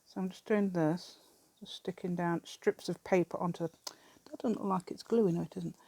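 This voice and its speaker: A woman's voice: on the low side, steady tone, normal speed, creaky, dark tone, husky. A woman chatting casually while she crafts at an outdoor table, rambling along with self-deprecating asides. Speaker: craft vlogger. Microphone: camera set on the table.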